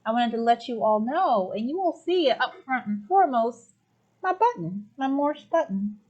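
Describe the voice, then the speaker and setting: A woman's voice: a little high, lively intonation, moderate pace, darkish tone, lo-fi sound. A woman from the United States hosting a spiritual talk show, effusive and exclaiming as she affirms her guests. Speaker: podcast host.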